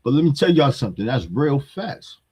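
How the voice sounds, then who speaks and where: A man's voice: medium pitch, big pitch swings, a little fast, a little mellow, breathy edge. A man with a New York accent, giving a blunt, heated hip-hop commentary rant that repeats its points.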